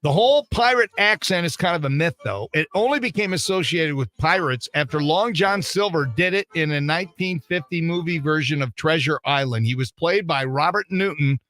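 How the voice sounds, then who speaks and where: A man's voice: fairly high pitch, lively intonation, normal speed, hardly any pauses, fairly bright tone. An older man hosting a radio show from the studio, running through joke-filled news bits with a wisecracking delivery. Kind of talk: morning radio comedy chat.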